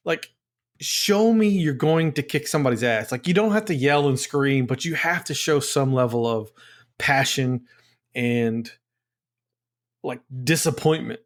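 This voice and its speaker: A man co-hosting a sports podcast, talking casually. His voice sits at an ordinary middle pitch, and he vents his frustration in a rambling way, full of restarts. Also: a little slow. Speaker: podcast co-host.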